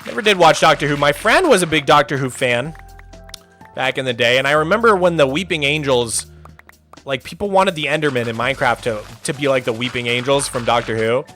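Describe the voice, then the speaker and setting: A man's voice: medium pitch, bright, forceful tone. A man streaming a game, chatting casually, answering viewer questions and thanking donors as they come in. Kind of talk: casual livestream chat.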